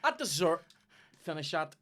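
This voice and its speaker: A man's voice: fairly high pitch, normal speed, no echo. A young Northern Irish man hosting a podcast, telling stories in casual chat and swearing freely. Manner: swears a lot, tells animated stories. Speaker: podcast host.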